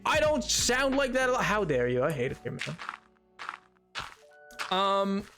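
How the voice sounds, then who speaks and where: A man's voice: high voice, sing-song, a little slow, bright, forceful tone. A young man streaming a game, chatting casually in a goofy, rambling way. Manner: goofy, rambling, breaks into silly noises and sings along. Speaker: Minecraft streamer. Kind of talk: casual live-stream chat. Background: music playing.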